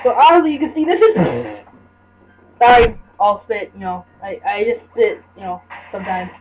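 A young woman plays a video game and rambles through casual commentary, her medium-pitched voice animated, a little mellow, and moderately paced. As a let's-play gamer she leans on fillers and keeps restarting her thoughts. There's a faint hiss over the dull, lo-fi recording.

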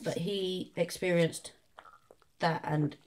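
This woman is a singer appearing as a guest on a podcast, her voice on the low side and her delivery unhurried. She tells a story animatedly, swearing and laughing through the casual chat.

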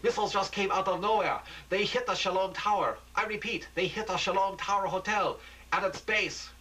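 A man's voice: on the high side, expressive, normal speed, pushed and bright, far from the mic, pitched above the performer's own voice, rough recording. A man voicing a frantic male TV field reporter in a war zone, breathless and panicky. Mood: panicked.

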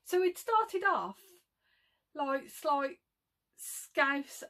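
A woman's voice: high-pitched, lively intonation, normal speed. A woman with a Birmingham accent talking to camera in a casual, rambling vlog, full of "like, you know" asides and frequent laughter. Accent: Birmingham (Brummie). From Birmingham, England. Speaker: reseller vlogger. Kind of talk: casual chatty monologue.

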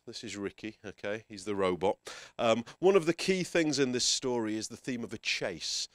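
Man, teacher trainer, workshop talk, energetic, animated pitch, dry close sound. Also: dry recording. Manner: energetic, directs the audience, playful asides. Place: conference room with a live audience.

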